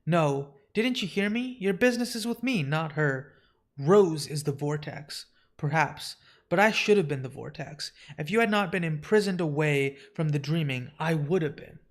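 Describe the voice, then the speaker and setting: A proud, sharp-tongued grandmother, voiced by a man who talks with haughty insistence. Her voice stays close to a plain reading voice. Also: on the high side, unhurried.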